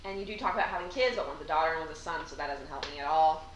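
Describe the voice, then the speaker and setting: Co-hosting a casual chat, a woman with a low voice reads poems aloud at a racing pace and playfully teases her friend, laughing often. The room is echoey, the mic slightly distant, with faint background hiss.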